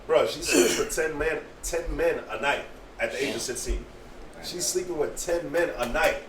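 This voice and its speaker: A man's voice: fairly high pitch, expressive, moderate pace, far from the mic, slight background noise. Man telling a story from off-mic. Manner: recounts a story in plain detail. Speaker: discussion participant. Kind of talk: group discussion, storytelling. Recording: roomy, off-mic.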